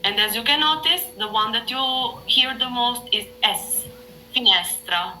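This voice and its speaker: A woman's voice: fairly high pitch, moderate pace, pushed and bright, soft background music, rough recording. A woman with an Italian accent, a native Italian speaker, patiently teaching and correcting pronunciation in a casual online lesson. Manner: patient, correcting, explains with hesitant English. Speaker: Italian tutor.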